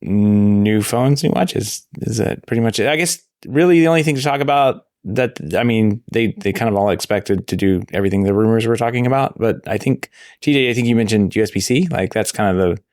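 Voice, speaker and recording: Hoarse, rambling male podcast host. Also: fairly low pitch, a little fast, darkish tone, no room sound, clean studio sound. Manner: rambling, many restarts, laughs often. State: hoarse, voice still recovering. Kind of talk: casual podcast chat. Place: home desk.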